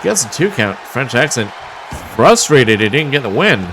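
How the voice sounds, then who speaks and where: A man calls a wrestling match play by play, wry and mocking, and chuckles now and then. A loud crowd and steady noise sit behind his voice. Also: mid-range voice, normal speed. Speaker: wrestling commentator. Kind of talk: play-by-play commentary.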